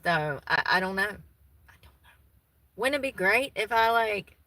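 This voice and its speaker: A thirtysomething woman with a Southern US accent keeps up easy, folksy banter with her live audience, quick to laugh. Medium-pitched and lively in intonation, she talks at a moderate pace in a bright, forceful tone. The low-quality audio has no room sound.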